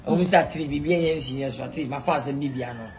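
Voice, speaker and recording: A man's voice: medium pitch, rapid-fire, a little mellow, slight background noise. A man with a Ghanaian accent performing an improvised comedy skit, rambling and laughing as he talks. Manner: rambling, laughing, breaks into singing praise. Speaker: comic actor.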